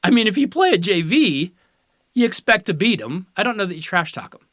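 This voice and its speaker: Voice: medium pitch, sing-song, fairly quick, fairly bright tone, no room sound, studio quality. A host giving opinionated college football commentary in a sarcastic, teasing, lecturing way.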